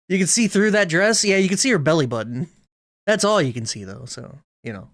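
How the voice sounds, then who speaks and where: A man's voice: high voice, animated, a little fast, a bit bright, no echo, studio quality. Crude, joking man streaming a game. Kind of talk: let's play commentary.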